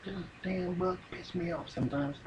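A man's voice: high-pitched, steady tone, moderate pace, background noise. A man telling a rambling, profane comic yarn in folksy, drawling speech. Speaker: comedian telling a story. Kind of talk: stand-up comedy monologue.

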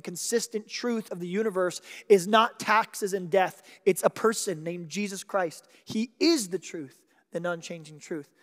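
A man's high, bright voice carries through a large church hall with a long, ringing reverb. He preaches with dramatic swings, dropping to near-whispers and then rising to loud, emphatic declarations. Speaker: pastor. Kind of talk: sermon.

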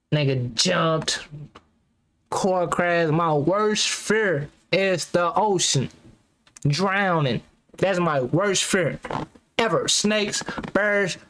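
A man's voice: a little high, fairly bright tone, slight background noise. A young man giving rambling, slangy reaction commentary as a YouTuber, laughing nervously between remarks.

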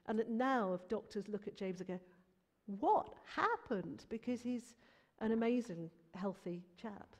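A woman in her fifties, a Christian musician giving her faith testimony in an interview, earnest and animated with emphatic bursts. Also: medium pitch, moderate pace. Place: church. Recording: long hall reverb.

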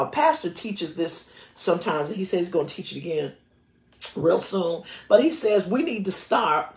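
Lively woman pastor preaching. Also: on the low side, echoey room. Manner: animated preaching, rising to fervent shouted prayer; repeats words and stumbles with fillers. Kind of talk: sermon. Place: church sanctuary.

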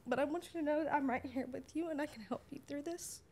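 High-voiced young woman, earnest and emotional. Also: fast talker, darkish tone. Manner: earnest, emotional, fighting back tears. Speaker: podcast guest, new member. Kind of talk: casual chat.

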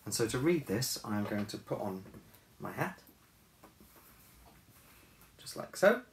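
A man who writes and illustrates children's books, chatting in a relaxed way and reading his story aloud in his office. He is recorded from a distance, with faint hiss behind him. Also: on the low side, slow, gravelly, roomy sound.

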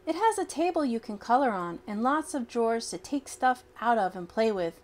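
A woman reading a children's picture book aloud in an expressive, childlike storytelling manner. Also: fairly high pitch, normal speed, hardly any pauses.

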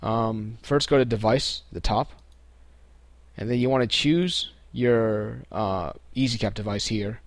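Low-voiced young man, dry close mic. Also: measured pace, no room sound. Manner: relaxed, many ums and restarts. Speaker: tutorial host. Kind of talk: casual screen-recorded tutorial.

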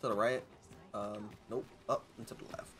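A man's voice: fairly low pitch, flat delivery, normal speed, bright, forceful tone, soft background music. A man streaming a video game, rambling and joking with his chat in casual commentary. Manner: rambling, jokey, talks to chat.

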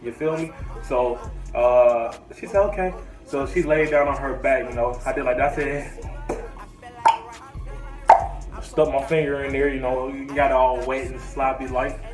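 A man's voice: mid-range voice, little pitch movement, a little slow, long pauses. A man telling a crude, slangy story-time tale to his vlog audience with a swaggering manner. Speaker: vlogger. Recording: roomy, from a distance, faint music.

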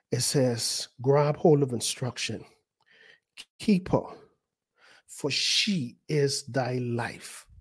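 A man's voice: on the high side, a little mellow. A male pastor preaching a sermon with emphatic repetition and rhetorical questions to his listeners.

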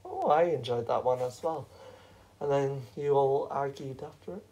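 Hoarse, rambling fan-show host. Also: medium pitch, expressive, normal speed, warm tone, poor audio. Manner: chatty, rambling, self-correcting. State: hoarse, sore throat. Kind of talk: fan-made reality show hosting.

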